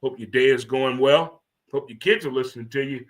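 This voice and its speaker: A man, hosting a casual talk show in an animated, swearing, preacher-like monologue. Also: medium pitch, fairly quick. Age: 50s. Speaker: host. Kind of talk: casual radio-style monologue.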